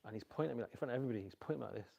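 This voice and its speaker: A middle-aged man speaks to a live audience in a relaxed, conversational way, often asking listeners to repeat his point back to him. His voice sits at an everyday pitch but has a gravelly, creaky edge. It is also a little husky. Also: rapid-fire, dull audio. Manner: storytelling with animated quoted voices. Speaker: speaker giving a talk on parenting. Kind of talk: informal religious talk.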